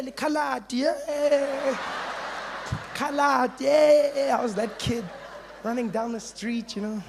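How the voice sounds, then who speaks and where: A young South African man doing animated stand-up storytelling, acting out voices as he goes. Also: high voice, slight background noise. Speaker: stand-up comedian.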